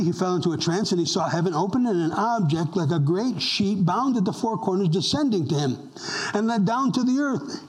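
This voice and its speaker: A man's voice: high-pitched, poor audio. An older man, a pastor, preaching a conversational sermon and asking the congregation questions as he goes.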